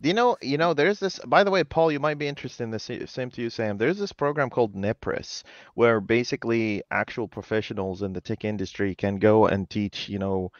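A man's voice: on the low side, a little fast, few pauses, dry recording, highs cut off. A man hosting a casual video call, talking enthusiastically in bursts with lots of "you know" fillers. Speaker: host.

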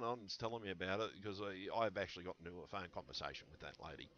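A low-voiced man with a sharp, strained edge talks straight into a headset mic, rambling and conspiratorial. He loops back on himself with fillers and restarts as he answers viewers. The sound is dull and lo-fi. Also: very fast, few pauses. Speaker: channel host. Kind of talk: rambling vlog monologue answering comments.

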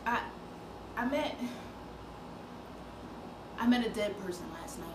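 A high-voiced woman confides in a slow, emotional theatrical monologue, her pitch rising and falling expressively. She takes her time over each phrase. The room is echoey, with a clear hum of background noise. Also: animated, distant mic. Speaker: actress performing a monologue.

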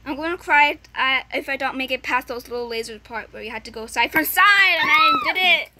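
A woman gamer chatting casually while playing, excitable and giggly, often squealing. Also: sits high, fast, noisy background. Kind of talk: casual gameplay chat.

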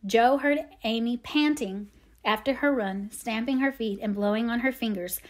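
A woman narrating a classic novel aloud in a measured, expressive storytelling manner. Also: fairly high pitch. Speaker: audiobook reader. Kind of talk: scripted narration.

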